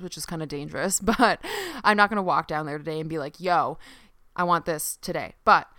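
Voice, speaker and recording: A young woman hosting a casual solo podcast. She talks in an animated, chatty way, swears freely and fills her speech with "like". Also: fairly low pitch, no room sound, studio quality. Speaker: podcast host and coach.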